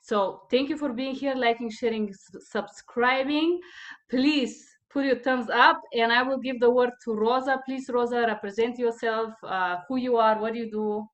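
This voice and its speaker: A woman with an Eastern European accent, an interpreter hosting her channel and introducing a video in a careful, deliberate way with small slips and restarts. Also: on the high side, steady tone, lo-fi sound.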